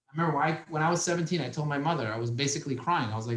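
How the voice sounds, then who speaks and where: A man's voice: on the high side, racing, few pauses, reverberant, poor audio. A man teaching a business class to a room of young men, telling stories and asking them questions. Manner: animated storyteller, asks the room questions. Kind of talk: lively classroom talk. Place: classroom with audience.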